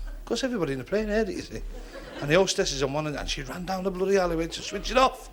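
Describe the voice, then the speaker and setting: A man's voice: high voice, expressive, rapid-fire, a little hiss or hum. A man telling jokes on stage in a rambling way, restarting as he goes, on an old TV recording. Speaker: stand-up comedian.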